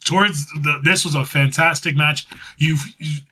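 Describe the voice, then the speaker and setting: A man's voice: fairly high pitch, steady tone, normal speed, pushed and bright, breathy edge, rough recording. A man co-hosting a podcast, casually recapping wrestling, rambling and laughing as he acts out what was said. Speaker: podcast co-host.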